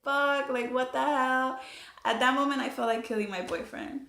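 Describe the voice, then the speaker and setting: A young woman telling her story in a casual, animated way, full of fillers and swearing. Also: sits high, normal speed. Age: young adult. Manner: chatty, animated, swears freely, many fillers. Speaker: vlogger. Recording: echoey room.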